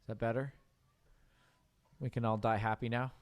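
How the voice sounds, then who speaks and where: A man's voice: mid-range voice, flat delivery, normal speed. Playful male piano teacher. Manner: playful, joking with students. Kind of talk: classroom lesson with students.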